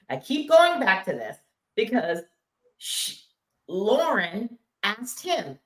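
A woman with a lowish voice that swoops up and down when she quotes people. She goes through her notes on a reality show, and the sound echoes in the room. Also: very animated, slow, sharp tone. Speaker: podcast co-host. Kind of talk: casual reality TV recap chat.

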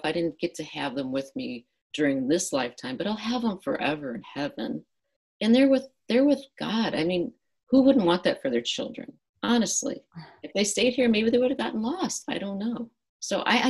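A woman's voice: low-pitched, husky, poor audio. A middle-aged woman, a guest author, earnestly telling a personal story in an interview and acting out her past dialogue.

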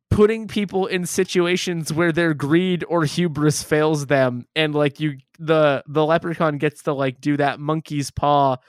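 A man's voice: fairly high pitch, smooth, dry recording, studio quality. A man co-hosting a casual movie review chat who jokes and laughs a lot. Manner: animated, laughs often, jokey asides. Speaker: podcast co-host.

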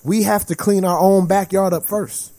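A man's voice: high voice, normal speed. A man in his forties talking in a casual chat as a podcast co-host, emphatic and slangy. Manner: animated, emphatic, slangy, acts out quoted voices.

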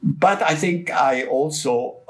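An older man, a photographer, telling rambling, lively stories in an interview, full of restarts. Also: fairly high pitch, slow, recorded from a distance. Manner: rambling, lively storyteller with frequent restarts and laughs. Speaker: guest photographer. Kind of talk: anecdotal storytelling interview.

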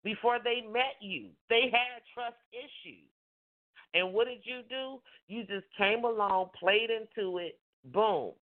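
On her call-in show, a woman life coach with a fairly high voice offers relationship advice at a steady pace, emphatic and repetitive in a preaching style. She imitates the voices of the couples she talks about, and the audio has a tinny, phone-line quality.

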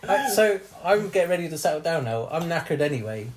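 A man's voice: a little high, expressive, fast talker. A young man telling a bawdy story on a casual podcast, laughing often as he acts out what people said.

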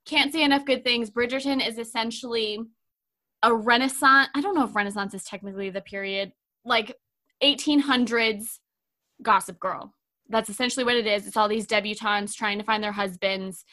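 A young woman co-hosting a podcast in casual chat, gushing and animated, with lots of "like". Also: on the high side, moderate pace. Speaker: podcast co-host.

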